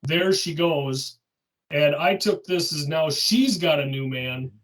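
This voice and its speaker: A man co-hosting a podcast in casual chat, walking through an album song by song and dropping quick agreeing words. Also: fairly high pitch, a bit bright, recorded from a distance, rough recording. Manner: walks through songs one by one, agreeable interjections. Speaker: podcast co-host.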